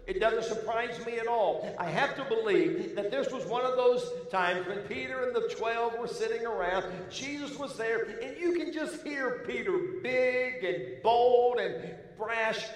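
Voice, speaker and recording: A pastor preaching a sermon, telling the story dramatically with slow, emphatic pauses. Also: male voice, extremely high pitch, animated, distant mic. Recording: very echoey hall with long reverb.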